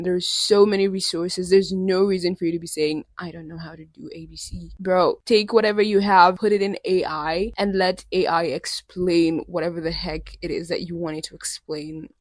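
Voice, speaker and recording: A woman's voice: on the low side, fairly even intonation, normal speed, hardly any pauses, no room sound. A young woman with a sick voice hosting her own podcast, talking candidly and rambling in casual solo chat. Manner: rambling, candid, self-deprecating. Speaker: podcast host.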